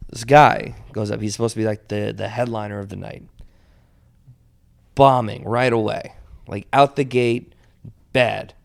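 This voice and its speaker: A male comedian telling stories in a relaxed podcast chat. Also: lowish voice, unhurried, gravelly, pauses often. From moved to New York at seventeen. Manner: animated storyteller, shouts when quoting. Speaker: stand-up comedian guest. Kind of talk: casual podcast storytelling.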